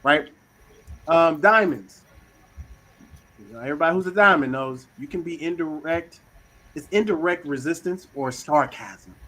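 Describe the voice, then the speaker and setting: A man hosting a casual talk on communication styles, slangy and animated, acting out little quoted voices. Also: fairly high pitch, normal speed, long pauses, poor audio. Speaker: host.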